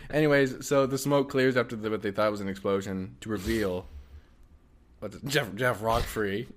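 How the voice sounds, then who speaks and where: A man's voice: on the low side, normal speed. A young man co-hosting a comedy podcast, rambling through improvised bits with lots of laughing and swearing. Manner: rambling, laughing, swearing, jumps into silly voices. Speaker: podcast co-host.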